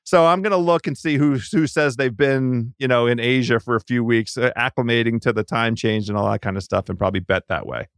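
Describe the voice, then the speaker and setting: A man's voice: mid-range voice, a little fast, hardly any pauses, clear, resonant tone, no room sound. Podcast guest, male, talkative and rambling, clean resonant voice, dry close sound. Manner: rambling, many restarts mid-sentence. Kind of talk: casual sports chat. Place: Washington DC.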